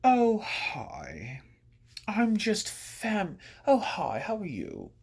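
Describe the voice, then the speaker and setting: A man mocking an affected posh socialite at a rich party, with a high, airy drawl. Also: wildly swooping pitch, very slow, vocal fry, breathy edge, exaggerated voice.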